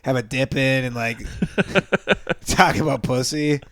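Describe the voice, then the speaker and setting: A man's voice: mid-range voice, steady tone, measured pace, a bit bright, no room sound. A man co-hosting a podcast in casual chat, joking crudely and laughing often. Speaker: podcast co-host.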